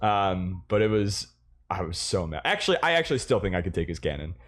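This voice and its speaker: A man's voice: sits low, brisk. A man co-hosting a casual gaming podcast, telling stories with lots of swearing and restarts. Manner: animated storytelling, swearing, frequent restarts. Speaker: podcast co-host.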